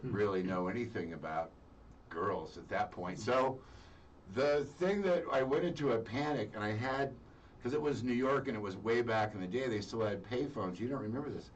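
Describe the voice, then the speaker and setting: A man's voice: fairly low pitch, normal speed, lo-fi sound. A middle-aged man telling a story in casual chat on a radio show, acting out the voices of the people in it. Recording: distant mic with faint noise.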